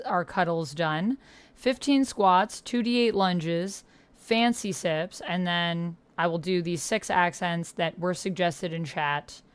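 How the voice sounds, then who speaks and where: A woman's voice: lowish voice, clear, resonant tone. A woman streaming live, chatting playfully with her viewers and counting out exercises aloud. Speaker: gaming livestreamer. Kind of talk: casual livestream chat with viewers.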